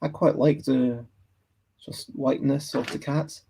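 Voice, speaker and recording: A Scottish man talks unhurriedly as he sketches for his livestream viewers, thinking aloud and answering chat comments along the way. His voice is gravelly and a little husky, with a warm, dark tone. He meanders gently from one idea to the next. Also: medium pitch, fairly even intonation, unhurried. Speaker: livestreaming artist. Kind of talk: casual chat while drawing.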